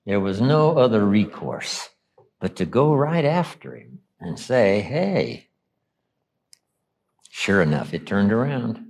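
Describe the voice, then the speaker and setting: A man giving a motivational seminar lecture. He tells stories, acts out quoted lines, and slows down and drops low for emphasis. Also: very animated, darkish tone. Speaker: motivational speaker.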